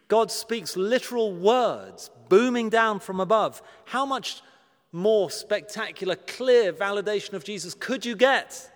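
A man preaching a sermon, earnest and emphatic, slowing down to stress key words and asking rhetorical questions with dry humor. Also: high-pitched, expressive. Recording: long reverb of a large hall.

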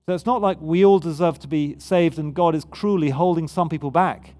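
A man's voice: on the high side, a little fast, mellow. A man preaching a sermon in a conversational yet emphatic way. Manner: conversational, emphatic, with frequent restarts.

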